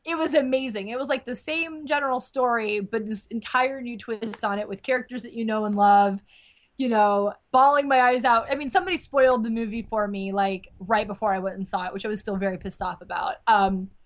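Animated young woman telling stories. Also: on the high side, fairly quick. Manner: animated storyteller, many "like" fillers, acts out quotes. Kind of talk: casual chat.

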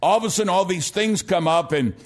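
A middle-aged American pastor preaching in a notably high voice. He tells his stories with animation and breaks into shouts to drive a point home. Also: brisk. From United States. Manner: animated storytelling, bursts into shouts for emphasis. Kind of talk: sermon.

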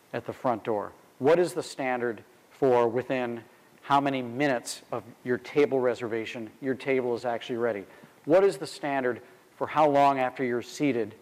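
Male speaker, mid-pitched, conversational talk with anecdotes; long hall reverb. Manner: conversational, uses quoted dialogue and asides. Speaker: restaurant executive speaking on hospitality.

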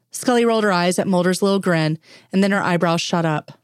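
A woman reads a story aloud in a fairly low voice. The sound is dry and close, with no room around it. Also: brisk, clean tone, dry recording. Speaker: fan fiction reader. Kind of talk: storybook narration.

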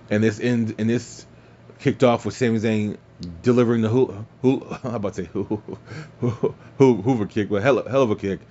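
Man, podcast host, swears casually, gets excited, low-pitched, muffled lo-fi audio. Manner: excitable, swears freely, laughs at own slips. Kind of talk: casual wrestling recap and commentary.

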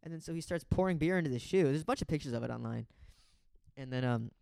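A man's voice: mid-range voice, animated, fast, gravelly, a little mellow, smooth, no echo, clean studio sound. Rambling young guy telling a story. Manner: swears freely, rambling with restarts, acts out quotes. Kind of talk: casual chat.

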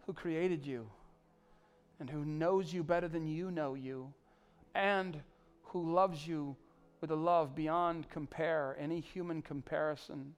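Male pastor, sermon, pleading and emphatic, voice a touch high. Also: slow pace, smooth. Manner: pleading, rising to emphatic peaks then dropping soft.

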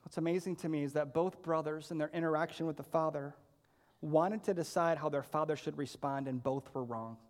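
High-voiced man preaching in a reverberant hall. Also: steady tone, brisk. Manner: earnest and emphatic, uses repeated rhetorical questions. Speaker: pastor. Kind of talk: sermon.

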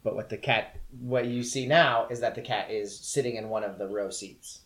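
A man's voice: on the low side, moderate pace, fairly bright tone. A man narrating as game master, loose and casual with many fillers.

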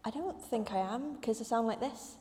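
A woman's voice: fairly high pitch, normal speed, dark tone, slight background noise. A young woman with a neutral English accent and Mancunian touches, a panel guest chatting in a self-deprecating way. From Denmark and Manchester. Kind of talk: casual discussion. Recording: roomy hall reverb.

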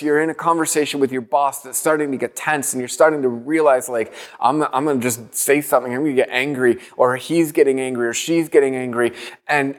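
Man, pastor, earnest sermon, mid-pitched voice, long hall reverb. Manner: earnest, reflective, repeats phrases softly.

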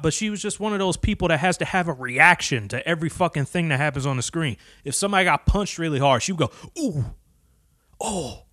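A man ranting to camera, cursing constantly and swinging from low muttering to loud, heated outbursts. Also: dry recording, clean studio sound. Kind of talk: profane rant to camera.

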